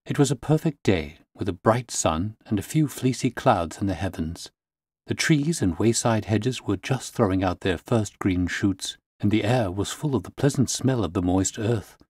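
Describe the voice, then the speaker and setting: Man calmly narrating a classic story. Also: lowish voice, moderate pace, breathy edge, dry recording, studio quality.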